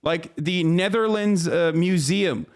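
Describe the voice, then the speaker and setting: A man's voice: high-pitched, takes it slowly, clear, resonant tone. Man ranting profanely on a live stream. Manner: rambling with many restarts. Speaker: livestreamer. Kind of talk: casual live-stream commentary.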